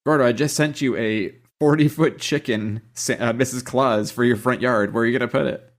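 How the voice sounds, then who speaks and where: A man's voice: mid-range voice, fairly even intonation, a little fast. A man co-hosting a casual podcast, blunt and sarcastic in his remarks. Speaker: podcast co-host. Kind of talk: casual chat.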